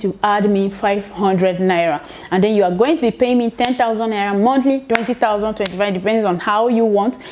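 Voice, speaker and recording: A woman's voice: medium pitch, darkish tone. A Nigerian woman, a mother, chatting casually in a vlog as she gives business tips, rambling with conversational asides. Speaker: vlogger giving business tips.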